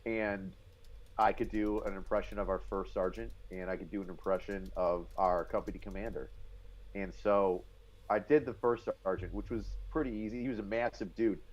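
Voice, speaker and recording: Guy from western new york telling army stories, lowish voice, kinda muffled audio. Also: normal speed. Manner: animated storyteller, bursts into impressions. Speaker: guest. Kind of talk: casual podcast storytelling. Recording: dull lo-fi audio.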